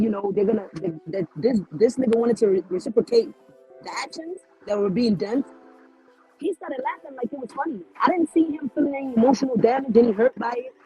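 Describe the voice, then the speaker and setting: A woman's voice: a little high, a little fast, warm tone, soft background music, low-quality recording. A woman co-hosting a casual talk show, blunt and profane, asking the same questions over and over. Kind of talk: casual chat.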